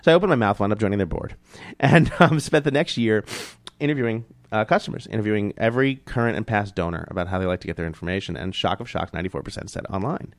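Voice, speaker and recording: Fast-talking man telling animated stories. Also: dry recording. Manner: animated, acts out quoted voices in a higher pitch. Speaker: guest. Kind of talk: casual storytelling in an interview. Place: New York City.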